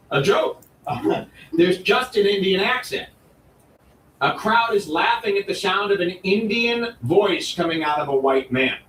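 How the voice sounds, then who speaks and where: A man's voice: high voice, fairly bright tone. Male reaction host, sarcastic; distant, echoey sound with faint hiss. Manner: incredulous, sarcastic. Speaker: commentary host. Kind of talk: reaction commentary on clips. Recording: echoey room, distant mic, faint noise.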